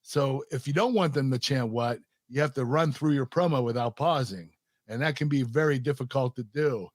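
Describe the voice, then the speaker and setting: A relaxed former wrestler chats on a podcast and laughs easily. His voice is mid-pitched and close on a dry studio mic. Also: a little fast, no echo. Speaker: former wrestler and show host. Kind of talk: casual interview.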